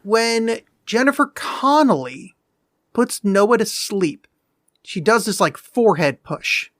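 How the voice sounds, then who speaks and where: A man co-hosting a podcast, talking bluntly in casual chat and swearing freely. His voice sits a little high for a man, and it is recorded dry and close with no room sound. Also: very animated, slow pace, a bit bright, no echo. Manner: blunt and profane, exasperated. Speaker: podcast co-host.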